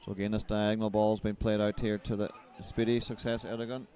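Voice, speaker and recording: Low, mellow football commentator. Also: male voice, flat delivery. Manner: brisk, rises with the action. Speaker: play-by-play commentator.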